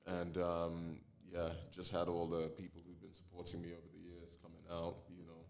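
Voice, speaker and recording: A man from Nigeria, a musician guest, talking in a relaxed podcast chat, full of fillers and restarts. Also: low voice, normal speed, gravelly, slight background noise.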